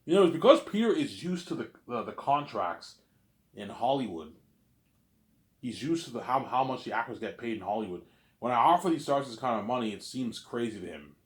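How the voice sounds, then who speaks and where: A man's voice: mid-range voice, expressive, a little fast, roomy sound. A man in a casual, rambling monologue, often repeating "you know what I'm saying". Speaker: vlogger.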